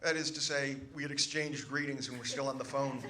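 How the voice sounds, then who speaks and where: A man's voice: mid-range voice, steady tone, fairly quick, very noisy. A man, a comedian, telling a funny story on stage with a dry, wry delivery. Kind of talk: stand-up storytelling. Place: stage with live audience. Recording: live show with audience laughter.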